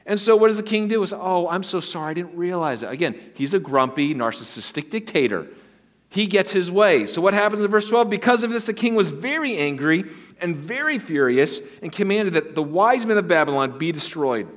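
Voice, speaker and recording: A man preaching a sermon, reading scripture aloud and explaining it with lively, conversational asides, his voice swinging from quiet low stresses to high emphatic peaks. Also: brisk.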